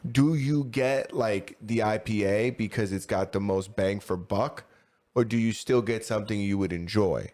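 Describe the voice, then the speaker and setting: A man's voice: on the low side, moderate pace, darkish tone. A man co-hosting a podcast in casual chat, laid-back and agreeable, often asking probing questions. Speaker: podcast co-host.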